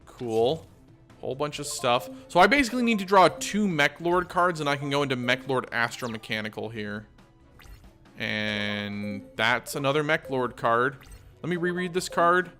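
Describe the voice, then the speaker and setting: A medium-pitched man with a pushed, bright voice hosts a gaming channel. He chats casually and thinks out loud while he plays, in typical let's-play commentary.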